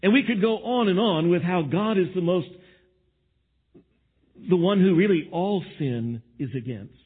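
A man's voice: high-pitched, animated, a little slow, husky, narrow, tinny audio. A man preaching a sermon to his congregation, acting out the voices of others as he talks. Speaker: pastor.

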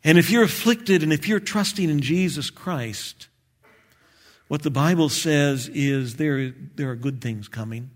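A male pastor preaching a sermon in an animated way, acting out prayers and chuckling at his own jokes. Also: fairly high pitch, a little slow.

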